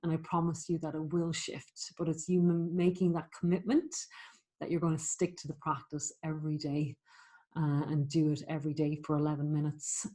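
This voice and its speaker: A woman teaching meditation, explaining the practice in a gentle, encouraging, chatty way with plenty of fillers. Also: low voice, flat delivery, moderate pace. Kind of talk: spoken meditation instruction.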